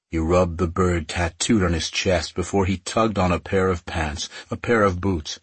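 A man narrates an audiobook in a steady, measured way. His voice is low and heavily husky. The recording is close and dry, with no room sound. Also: no room sound.

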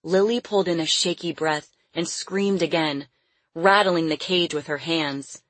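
A woman narrating a novel as an audiobook in a steady reading voice. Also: sits low, unhurried, no echo. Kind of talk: scripted narration.

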